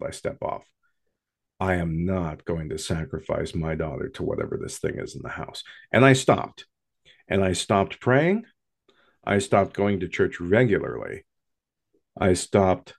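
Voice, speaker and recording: A man slowly telling a first-person paranormal story in a hushed, dramatic way. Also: deep voice, gravelly, breathy edge.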